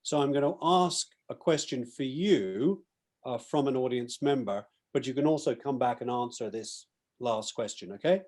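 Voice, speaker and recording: A man's voice: mid-range voice, normal speed, darkish tone. A man hosting and moderating a webinar panel over a video call, politely relaying audience questions and stumbling a little over his words. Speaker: host and moderator.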